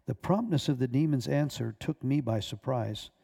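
A man who is a minister, reading a personal testimony aloud in a measured way, with small stumbles. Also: mid-range voice, gravelly, dark tone, slightly rough.

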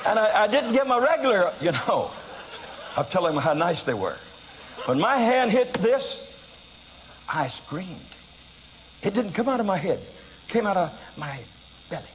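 Animated older American evangelist in a hall. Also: male voice, high-pitched, a little slow, long pauses, slight background noise. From United States. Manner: animated storyteller, bursts into shouts, laughs at himself. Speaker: evangelist preacher. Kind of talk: storytelling sermon.

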